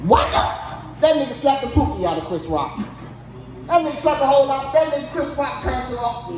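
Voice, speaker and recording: High-voiced woman ranting crudely, echoey room. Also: animated, a little fast, music in the background. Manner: heated, crude, incredulous, swings from mutter to yelling. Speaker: show host. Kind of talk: profane comedic rant. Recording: echoey, distant mic, noisy ambience.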